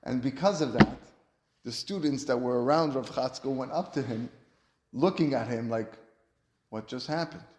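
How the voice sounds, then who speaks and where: Brief: male rabbi, earnest storytelling sermon, medium pitch, echoey room. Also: moderate pace, darkish tone, a little hiss or hum. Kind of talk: sermon-style Torah lesson with storytelling. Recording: roomy echo.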